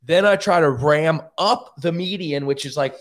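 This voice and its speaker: Profane, animated man telling a story. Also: fairly high pitch, normal speed. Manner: profane, animated, self-mocking. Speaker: podcast host. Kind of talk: casual storytelling.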